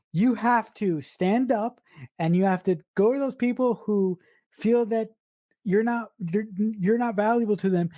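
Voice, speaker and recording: A woman's voice: mid-range voice, warm tone, no echo, dull audio. A woman co-hosting a podcast, talking through a film earnestly and thoughtfully. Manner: earnest and reflective, with restarts. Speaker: podcast co-host. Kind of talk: casual film discussion.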